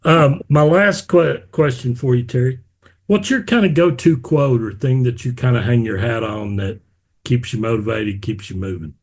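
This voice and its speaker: Husky man telling stories in an interview. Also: medium pitch, normal speed. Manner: animated storyteller, acts out quotes. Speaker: podcast host. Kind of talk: casual interview chat.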